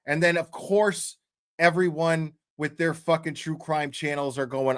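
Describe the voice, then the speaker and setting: On his livestream, this true crime commentator recounts a story in casual, blunt, swear-laden fashion, stumbling through fillers and restarts. His voice is on the high side, and he speaks at a normal speed.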